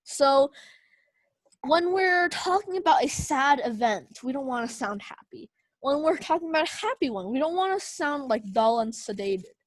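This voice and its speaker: A woman's voice: high voice, expressive, moderate pace, dry recording. A young woman teaching an online speech class, casual with many fillers. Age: young adult.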